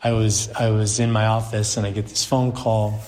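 Animated storytelling middle-aged priest. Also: male voice, fairly low pitch, normal speed, heavy background noise. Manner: animated storyteller, acts out quotes, chuckles often. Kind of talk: storytelling talk to a group.

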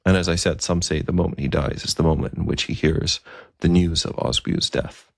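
A man's voice: sits low, fairly even intonation, a little fast, creaky, no echo, studio quality. A man telling a story in a conversational, vivid style. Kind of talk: storytelling narration.

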